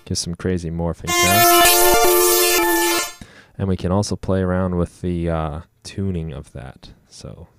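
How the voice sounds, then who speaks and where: A man giving a casual music production tutorial at his computer, explaining each knob in a relaxed way with frequent ums, over loud instrument sounds. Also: low-pitched, measured pace. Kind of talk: casual screen-recorded software tutorial. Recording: loud instrument demos behind the voice. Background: loud synth and trumpet sounds playing.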